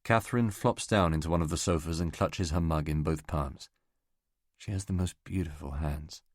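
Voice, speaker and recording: A man narrating a novel as an audiobook reader, in a measured, even delivery. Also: very deep voice, dry recording, studio quality. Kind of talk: scripted narration.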